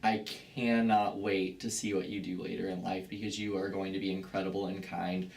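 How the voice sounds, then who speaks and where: A man's voice: low voice, flat delivery, a little fast, vocal fry, darkish tone. A young man in his twenties giving emotional farewell tributes at a banquet, rambling with lots of fillers and laughing at himself. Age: 20s. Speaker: student tour guide giving farewell tributes. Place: banquet room indoors.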